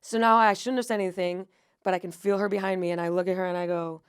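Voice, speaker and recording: Animated woman comedian telling a story. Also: medium pitch, quick pace, clean tone. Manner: animated, profane, acts out quotes. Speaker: guest comedian. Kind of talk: casual podcast chat, storytelling.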